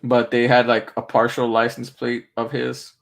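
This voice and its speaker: A man's voice: medium pitch, monotone, moderate pace, gravelly. A man hosting a casual podcast, rambling in a laid-back way and swearing freely.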